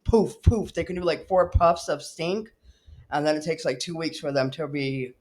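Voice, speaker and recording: A woman's voice: low voice, normal speed. A young woman from Texas hosting a casual chat, laughing often as she talks. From El Paso, Texas. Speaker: host.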